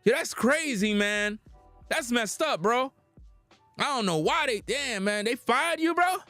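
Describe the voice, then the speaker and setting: A man's voice: very high-pitched, lively intonation, a little slow, sharp tone, dry recording, soft background music, heavily acted. A man voicing a fake-concerned male coworker who gossips in slangy, over-familiar talk and keeps saying "bro.". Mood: mock sympathy.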